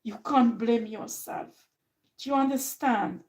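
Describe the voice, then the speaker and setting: A woman's voice: a little high, unhurried, a little mellow, low-quality recording. A woman giving a tarot reading, speaking emphatically and directly to the person she reads for, now and then swearing. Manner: emphatic, talks straight to the viewer, swears. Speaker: tarot reader.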